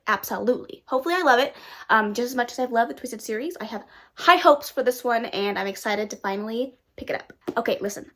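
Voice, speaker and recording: A young woman, chatting casually and excitedly to her viewers about books she plans to read. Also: on the high side. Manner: bubbly, self-hyping, talks to viewers directly. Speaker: booktuber. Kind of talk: casual chat.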